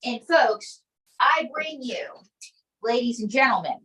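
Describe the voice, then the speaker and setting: Bright-voiced playful woman comedian. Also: on the high side, a little slow, long pauses, poor audio. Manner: animated, playful. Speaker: improv comedian. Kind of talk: improv sketch.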